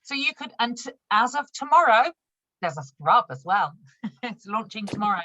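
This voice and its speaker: A woman's voice: on the high side, very animated, normal speed, pushed and bright, no room sound. Chatty woman on a muffled video call. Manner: chatty and upbeat, laughs often, demonstrates products while talking. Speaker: senior manager training new consultants. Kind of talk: casual online training session.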